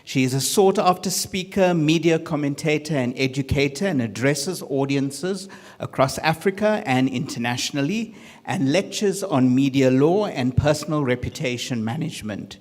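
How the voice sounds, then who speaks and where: A man's voice: on the high side, lively intonation, normal speed. A man acting as conference MC, reading a formal introduction for the next speaker. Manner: formal, then amused. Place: conference hall. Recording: reverberant hall with audience.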